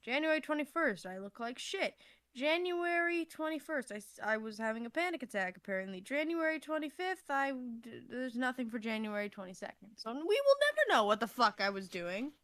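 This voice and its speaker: A woman's voice: high voice, very animated, fairly quick, fairly bright tone. A woman co-hosting a podcast in casual chat, rambling, laughing and swearing as she reads from an old notebook. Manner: reading aloud from an old notebook. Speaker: podcast co-host.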